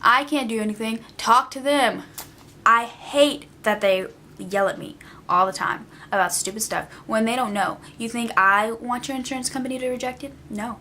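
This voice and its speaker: A woman's voice: a little high, fairly even intonation, moderate pace, sharp tone, slight background noise. A young woman vlogger ranting casually, exasperated and emphatic, often repeating herself for effect. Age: young adult.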